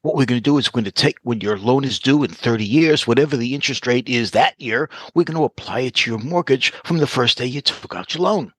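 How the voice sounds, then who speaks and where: A man's voice: medium pitch, fast talker, few pauses, fairly bright tone, breathy edge, no echo. A man interviewed as a financial advisor, explaining ideas step by step with worked examples. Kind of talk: interview answers.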